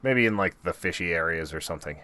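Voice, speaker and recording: A man's voice: deep voice, animated, fast talker, bright, forceful tone, clear, resonant tone. A man co-hosting a podcast, laid-back and casual in a TV episode recap chat. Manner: laid-back, chuckles often. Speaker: podcast co-host.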